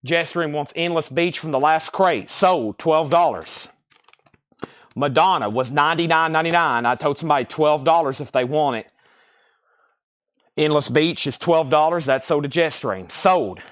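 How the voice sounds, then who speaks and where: A man hosting a live record sale stream, briskly calling out titles and prices, slightly out of breath. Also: fairly high pitch, a bit bright, no room sound, clean studio sound. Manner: brisk auctioneer-style patter, calling out prices.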